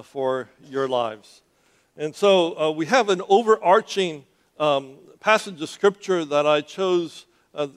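A man preaches to his congregation with a slightly raised pitch. He is emphatic, repeats himself, and keeps calling on the listeners to answer back. The delivery is a full sermon style. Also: clear, resonant tone. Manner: emphatic, calls for congregation response, repeats words. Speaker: pastor. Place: church sanctuary.

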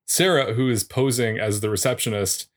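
A man with a mid-range voice gives a casual podcast recap. He moves through the plot in steady, even narration and drops in a dry aside now and then. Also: mid-range voice, moderate pace. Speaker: podcast co-host.

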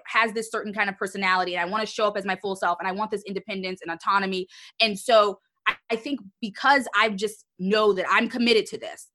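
Bright, expressive woman entrepreneur. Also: medium pitch. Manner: expressive, animated storytelling with laughs. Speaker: entrepreneur guest. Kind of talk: podcast interview.

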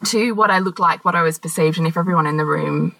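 Husky low-voiced woman telling a candid story. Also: fast talker, dry recording, low-quality recording. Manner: candid, animated storytelling with laughter and swearing. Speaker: podcast co-host. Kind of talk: casual conversation.

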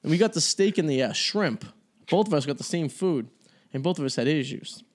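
A man's voice: a little high, lively intonation, brisk. A man hosting a podcast, telling a rambling story in casual chat and swearing freely. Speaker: podcast host.

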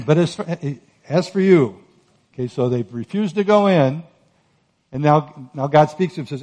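A man preaching a sermon on Scripture, earnest and emphatic, rising to forceful peaks. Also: a little high, lively intonation, a little slow. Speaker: pastor.

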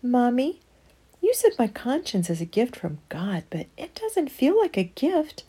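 A woman voicing an eager, honest little girl in a storybook reading, with a high pleading childish voice. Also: huge pitch swings, a little slow, warm tone, breathy edge, exaggerated voice.

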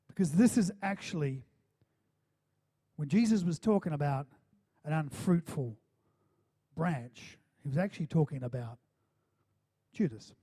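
A male pastor delivering a sermon to a congregation in a conversational, animated way, with rhetorical questions. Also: fairly high pitch, husky. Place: church hall.

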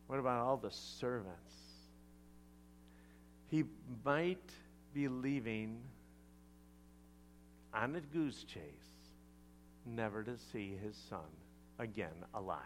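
A male pastor preaching a sermon, retelling a scripture story with animated asides to the congregation. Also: medium pitch, slow, pauses often, a little hiss or hum.

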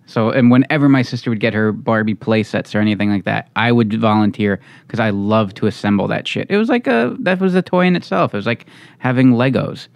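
A man's voice: on the low side, a little fast, gravelly, dry recording. A man co-hosting a podcast in casual chat, making dry, wry asides. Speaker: podcast co-host.

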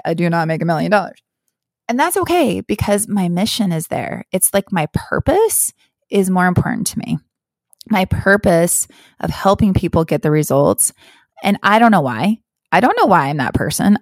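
A woman's voice: lowish voice, dry recording, studio quality. A woman hosting a podcast as a health coach, talking in a candid, earnest, chatty way with lots of fillers. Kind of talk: casual podcast monologue.

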